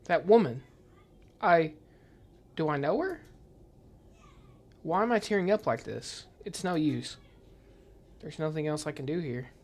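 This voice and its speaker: A player talks through a horror game, reading each line aloud in a hushed, uneasy voice. The pitch sits in the middle range and the delivery stays tense and quiet. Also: lively intonation, a little slow, long pauses. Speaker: gameplay commentator. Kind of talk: reading game dialogue aloud while playing.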